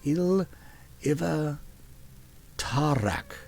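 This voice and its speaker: A man's voice: fairly high pitch, lively intonation, very slow, vocal fry, a little mellow, voice pushed up, heavily acted. A man doing an eager young sister sounding out words. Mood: careful, earnest.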